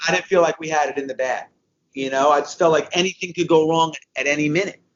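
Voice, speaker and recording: A man's voice: fairly high pitch, fairly even intonation, fast, highs cut off. A man in his fifties, a podcast guest, telling stories with energy and repeating phrases for emphasis. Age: 50s. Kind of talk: conversational podcast interview.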